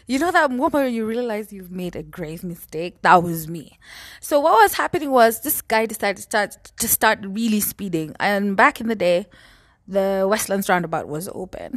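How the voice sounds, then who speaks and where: A woman telling a story to her viewers in a casual, animated and profane way. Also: medium pitch, dry recording. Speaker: vlogger. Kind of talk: storytime monologue.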